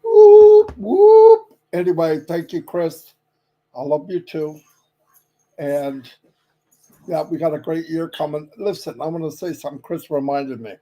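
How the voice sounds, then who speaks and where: A man's voice: on the high side, fairly even intonation, moderate pace, pauses often, warm tone, low-quality recording. A man chatting casually on a livestream, easygoing and rambling, with fillers and side remarks. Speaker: company leader on a livestream.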